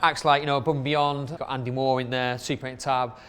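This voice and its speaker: A man's voice: medium pitch, little pitch movement, brisk, a bit bright, a little hiss or hum. A middle-aged man, chatting casually through a countdown, rambling with fillers. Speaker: club night promoter.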